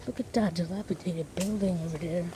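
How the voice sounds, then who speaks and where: A woman with a lowish voice vlogs casually while walking outdoors through streets and a park, chatting to viewers and piling on big vocabulary words. Background noise is audible.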